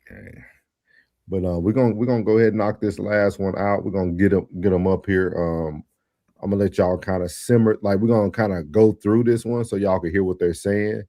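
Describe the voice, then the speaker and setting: A man's voice: fairly low pitch, fairly even intonation, brisk, warm tone, no echo, studio quality. A man hosting a podcast, easygoing and laid-back, moving the show along. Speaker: podcast host.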